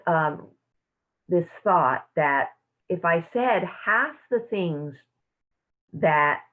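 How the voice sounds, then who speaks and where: A woman teaching a self-care class, speaking in a soft, slow, affirming way over a video call. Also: lowish voice. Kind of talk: guided meditation and teaching. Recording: tinny phone-like audio.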